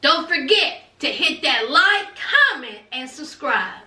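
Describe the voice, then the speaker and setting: A woman's voice: high voice, big pitch swings, takes it slowly, sharp tone, distant mic. A woman vlogger recapping a TV episode in a dramatic, chatty way, acting out the characters' lines and calling the listener honey and child. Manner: dramatic storytelling, says honey and child a lot, acts out lines. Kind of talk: animated casual recap. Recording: roomy sound, a little off-mic.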